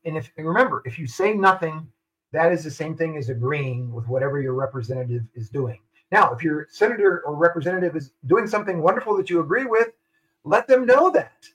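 A man's voice: a little high, a bit bright, low-quality recording. An older man, a retired army general, speaking as a guest in a radio interview, making his points firmly and repeating them for stress.

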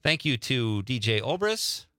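A man's voice: medium pitch, very animated, measured pace, sharp tone, no room sound, studio quality. A man hosting a radio quiz segment, upbeat and teasing, laughing often. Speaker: radio show host.

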